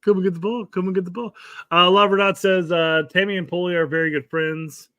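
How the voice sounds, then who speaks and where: A man's voice: high voice, fairly even intonation, a little fast, sharp tone, clear, resonant tone, no echo, dull audio. A man co-hosting a casual sports podcast, chiming in with short, laid-back agreement and reading out news. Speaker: podcast co-host.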